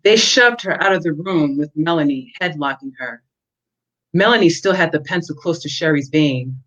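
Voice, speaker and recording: A woman author reading excerpts from her own novel at a measured pace, with a few fillers in between, heard through dull lo-fi audio. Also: sits low, animated, a bit bright.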